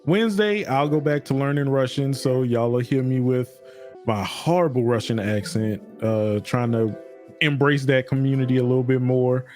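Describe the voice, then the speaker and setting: A man's voice: mid-range voice, normal speed, darkish tone, soft background music. A man co-hosting a podcast, joking and laid-back, with a slangy way of talking. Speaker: podcast co-host. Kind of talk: casual chat.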